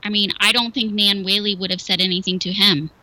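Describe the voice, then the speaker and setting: A woman's voice: mid-range voice, steady tone, fairly quick, sharp tone, low-quality recording. A female radio co-host who talks in a hesitant, hedging way, full of "I mean"s. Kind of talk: local talk radio banter. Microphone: studio microphone.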